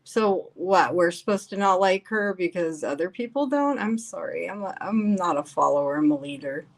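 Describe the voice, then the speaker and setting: A woman's voice: fairly low pitch, lively intonation, fairly quick. A woman hosting a casual live stream, reading viewer comments aloud and reacting to them in a chatty, emphatic way, her voice getting worn.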